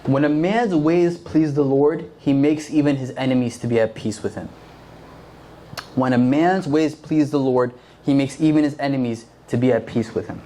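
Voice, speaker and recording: A man's voice: medium pitch, moderate pace, dark tone. A young man giving a casual, conversational sermon to a youth group, full of fillers and acted-out quotes. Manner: conversational, filler-heavy, acts out quoted voices. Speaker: youth preacher.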